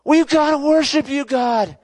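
A preacher voicing a crowd of awestruck angels who shout their praise in a high, overwhelmed voice. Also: male voice, unhurried, no room sound.

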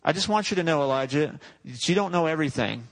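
A man's voice: fairly high pitch, animated, fast, low-quality recording. A man voicing God as a laid-back figure who talks in breezy, slangy, casual speech during a sermon.

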